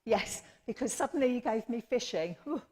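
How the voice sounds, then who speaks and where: A woman medium with an animated, rather high, mellow voice and a breathy edge speaks at normal speed while giving readings at a church service. Chatty and affectionate throughout the live demonstration, she often apologises and calls people "my lovely."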